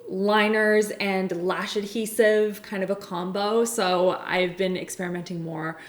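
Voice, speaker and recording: Woman, 30s, beauty vlogger, casual and upbeat, quick laughs, roomy home sound. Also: medium pitch, level tone. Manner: chatty, enthusiastic, laughs often. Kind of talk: casual product review.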